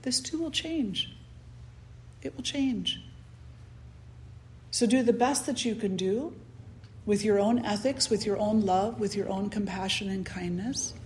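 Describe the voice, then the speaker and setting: A woman spiritual teacher giving a satsang, telling a story calmly and leading a guided meditation. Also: medium pitch, slight background noise. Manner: calm, unhurried storytelling.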